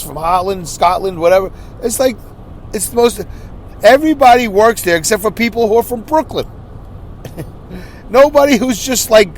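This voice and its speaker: A man hosting a podcast, rambling through a casual, animated monologue and slipping into quick impressions. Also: sits high, a little hiss or hum. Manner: animated, rambling storyteller who slips into impressions. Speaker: podcast host.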